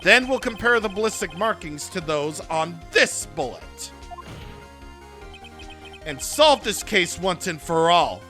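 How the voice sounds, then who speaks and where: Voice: mid-range voice, faint music behind. A streamer voicing a determined young male defense attorney in a video game, laying out evidence. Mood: arguing. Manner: steady courtroom argument, slow and deliberate. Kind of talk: reading game dialogue aloud.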